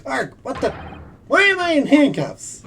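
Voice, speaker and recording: A man's voice: on the high side, sing-song, takes it slowly, slight background noise. A man voicing a flustered, exasperated young male defendant, over game music.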